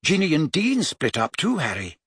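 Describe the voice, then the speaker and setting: Brisk, knowing teenage girl, as a male narrator puts her on, raising his husky voice for a storybook read. She sounds patient and a little superior. The room is dry and close. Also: on the high side, wildly swooping pitch, a bit bright, no echo, pitched above the performer's own voice, full character voice.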